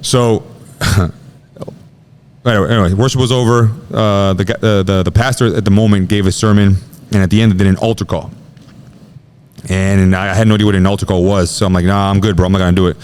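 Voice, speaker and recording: Man in his thirties, podcast guest, rapid slangy storytelling, lowish voice. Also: steady tone, darkish tone, smooth. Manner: rapid slangy talk, says bro a lot. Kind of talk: casual storytelling.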